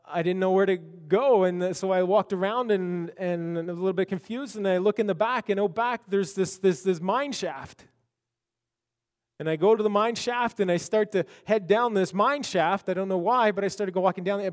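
A man preaching a sermon and telling a personal story, halting and repeating words as his intensity builds. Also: high voice, long reverb tail. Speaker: pastor.

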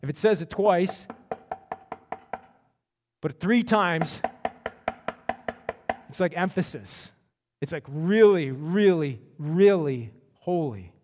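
A middle-aged man preaching, his voice pitched high for a man and full of energy. He repeats words in bursts and acts out reactions. A long hall reverb trails behind him. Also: lively intonation, slow pace, long pauses, music in the background. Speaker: pastor. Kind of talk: sermon.

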